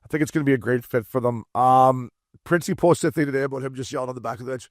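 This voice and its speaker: A man co-hosting a casual hockey podcast as a former player, swearing freely and breaking into animated impressions. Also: medium pitch, rapid-fire, no room sound, studio quality.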